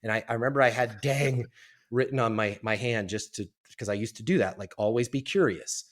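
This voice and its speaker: A man telling a story as a podcast guest, in a lively, animated way and acting out what people said. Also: medium pitch, a little fast. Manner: animated, lively storyteller who acts out quotes. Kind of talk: storytelling in a casual interview.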